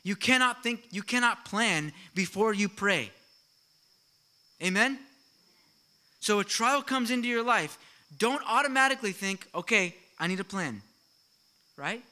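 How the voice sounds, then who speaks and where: A middle-aged pastor preaching with a high, ringing voice. He talks in a lively, conversational way, throwing out questions to his congregation and chatting in asides. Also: unhurried, pauses often. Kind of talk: sermon.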